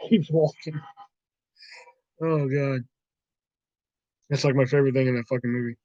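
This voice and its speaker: A man's voice: mid-range voice, fairly even intonation, unhurried, warm tone, no echo, highs cut off. A man hosting a casual livestream, rambling and swearing freely while reacting to chat. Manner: rambling, profane, laughs often. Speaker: livestream host.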